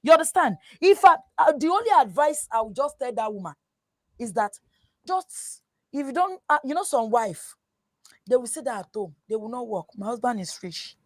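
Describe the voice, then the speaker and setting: A woman with a Nigerian accent on a talk show, giving animated, preachy advice, switching into Yoruba and often asking "you understand?". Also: on the high side, normal speed, no room sound, clean studio sound. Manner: mixes English with Yoruba. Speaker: guest. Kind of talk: casual talk show chat.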